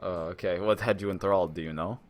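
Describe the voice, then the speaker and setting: A man's voice: deep voice, steady tone, fast. A man playing in a tabletop game, talking in a mild, amused way. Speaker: player. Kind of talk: casual tabletop game play.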